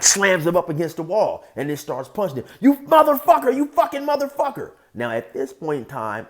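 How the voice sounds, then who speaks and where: A man in an easygoing storytelling mode, talking in a relaxed street manner as a YouTube storyteller. His voice sits in an everyday middle register, and he loosely fills pauses with "you know". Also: medium pitch. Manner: laid-back, streetwise, frequent "you know". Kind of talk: casual spoken storytelling.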